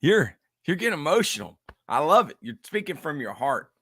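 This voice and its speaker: A man's voice: fairly high pitch, very animated, fairly quick, bright, forceful tone, breathy edge, dry recording, clean studio sound. A man co-hosting a coaching podcast, talking in an easygoing, storytelling way. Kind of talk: casual chat.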